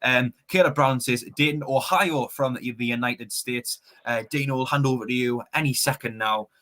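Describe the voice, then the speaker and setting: A man's voice: mid-range voice, moderate pace, sharp tone. A young man hosting a fan live stream, chatting and reading out viewer comments with plenty of stumbles and repeats. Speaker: fan channel host reading the live chat. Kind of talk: casual live-stream chat.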